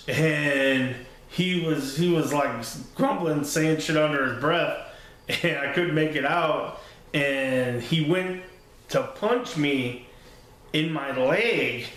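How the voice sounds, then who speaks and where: A man's voice: a little high, a bit bright. A man telling a funny story from his life in a casual, rambling way, laughing often and swearing freely. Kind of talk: casual spoken anecdote. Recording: very echoey room.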